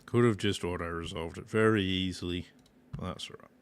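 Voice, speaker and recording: Gravelly Australian man narrating gameplay. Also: low-pitched, fairly even intonation, moderate pace. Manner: chatty, swears casually, talks to his units. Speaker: gameplay streamer. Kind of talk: casual gameplay commentary.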